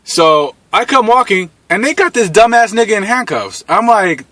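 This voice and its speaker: A man's voice: high voice, big pitch swings, normal speed, bright, forceful tone, no room sound. A man in his thirties telling a personal story in a blunt, profane, casual way, often laughing as he goes.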